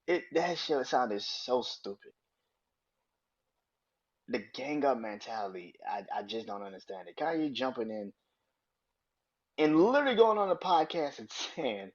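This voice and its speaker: A man hosting a solo podcast, ranting in a profane, animated and emphatic way. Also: mid-range voice, measured pace, long pauses, slightly rough, highs cut off. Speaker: podcast host. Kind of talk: opinionated solo podcast rant.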